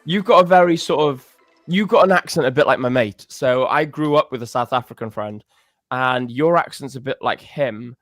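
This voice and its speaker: A man from Pembrokeshire with a light Welsh accent hosts a loose livestream chat. He talks casually, laughs easily and rambles between stories. His voice sits at a middling pitch over faint background music. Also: moderate pace, fairly bright tone, no echo. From Pembrokeshire, Wales. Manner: chatty, laughs often, slips into put-on accents. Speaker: livestream host.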